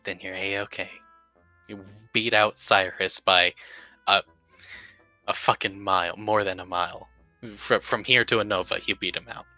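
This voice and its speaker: Young man, role-play narration, earnest, lowish pitch, dry close sound. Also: steady tone, measured pace, bright, forceful tone, no room sound, soft background music. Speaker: tabletop role-play player. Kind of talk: casual role-play narration and in-character talk.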